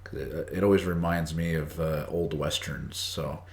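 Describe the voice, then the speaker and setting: A man's voice: a bass voice, steady tone, normal speed, vocal fry, few pauses, darkish tone. A man teaching English idioms on a live stream, chatty, greeting viewers by name and reading the chat aloud. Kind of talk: casual live-stream lesson. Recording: echoey room.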